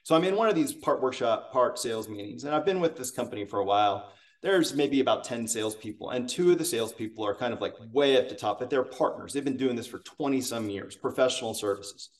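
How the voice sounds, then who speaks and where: A male sales coach talking conversationally as a podcast guest, animated and full of stories. His voice has a middle pitch and sounds a little distant from the microphone. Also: fast talker. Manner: animated, acts out quotes. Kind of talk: conversational storytelling.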